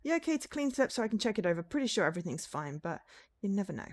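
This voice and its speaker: A woman's voice: mid-range voice, big pitch swings, very fast, darkish tone, no echo. A harried firefighting-plane pilot, read out by a woman. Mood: worried. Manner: read-out game message, chatty.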